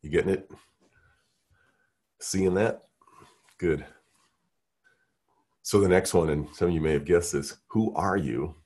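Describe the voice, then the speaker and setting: A man with a deep, husky voice runs an interactive workshop. He coaxes the group along with energy and keeps asking them questions. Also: slow, long pauses, darkish tone. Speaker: workshop leader.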